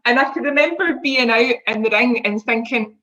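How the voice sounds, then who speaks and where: Woman, podcast guest, chatty, giggly, enthusiastic, bright voice. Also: a little high, normal speed, low-quality recording. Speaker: guest, presenter and performer. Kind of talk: casual chat.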